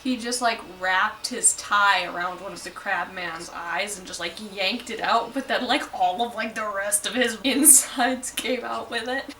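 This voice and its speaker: A woman's voice: mid-range voice, unhurried, hardly any pauses, pushed and bright, distant mic, poor audio. A woman giving casual, wry reaction commentary while watching a show, full of "like" and asides. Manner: chatty, lots of "like", wry asides. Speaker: anime reaction vlogger. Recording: voice a bit off-mic with faint noise.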